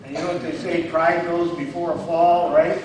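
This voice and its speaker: A man's voice: fairly high pitch, little pitch movement, moderate pace. A man filling in as preacher, giving a conversational sermon and checking in with his listeners. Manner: conversational, checks in with "all right?"; acts out quoted lines with rising emphasis. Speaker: guest preacher. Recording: very echoey, distant mic, faint noise.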